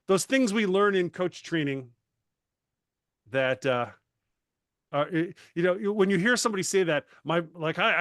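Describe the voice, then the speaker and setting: An animated man speaking on a coaching panel, his voice sitting a little high. He restarts his sentences and pokes fun at himself. The sound is dry and close, with no room around it. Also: dry recording. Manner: animated, self-deprecating, frequent restarts. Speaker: master certified coach. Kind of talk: casual panel discussion.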